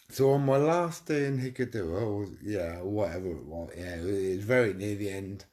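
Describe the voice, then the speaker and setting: Low-voiced man telling a story. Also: moderate pace, few pauses, warm tone. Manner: swearing, acts out quotes with "I said". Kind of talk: casual anecdote.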